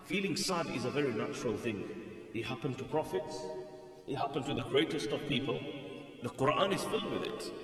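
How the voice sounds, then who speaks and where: A man's voice: medium pitch, animated, brisk, fairly bright tone. A man preaching an Islamic lecture, explaining in English and quoting classical Arabic text at speed, with an emphatic, repetitive cadence. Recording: echoey hall, voice from far off, faint music.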